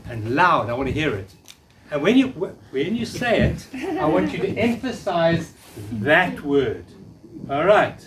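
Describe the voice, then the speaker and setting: A man's voice: on the high side, very animated, a little slow, recorded from a distance, noisy background. A man in his fifties giving a live spiritual workshop talk, earnestly coaxing the audience to repeat affirmations after him. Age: 50s. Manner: earnest, coaxing, leads audience call-and-response. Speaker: workshop speaker.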